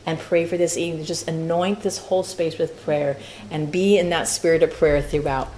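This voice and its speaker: A woman teaching a church Bible study class, talking in a lively, playful way with frequent laughs and asides. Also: sits low, moderate pace, slight background noise.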